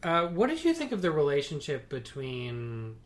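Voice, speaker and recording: A woman's voice: deep voice, wildly swooping pitch, normal speed. A woman co-hosting a podcast in casual chat, jumping between points. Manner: chatty, jumps between points. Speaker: podcast co-host.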